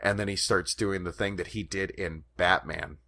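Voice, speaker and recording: A man's voice: low-pitched, fairly even intonation, normal speed, creaky, bright, forceful tone. A man co-hosting a podcast in casual chat, a rambling storyteller who laughs often and swears casually. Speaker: podcast co-host.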